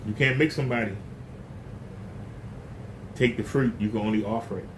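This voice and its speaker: A man's voice: on the low side, moderate pace, noisy background. A man preaching a casual sermon in a blunt, emphatic, folksy way.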